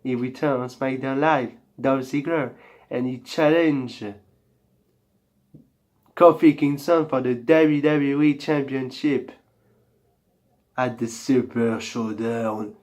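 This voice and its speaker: A man with a French accent, a native French speaker, hosting a wrestling review video with a slow, deliberate, mock-sweet delivery and comic outbursts. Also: medium pitch, steady tone, a little mellow. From France. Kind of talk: playful parody talk-show intro.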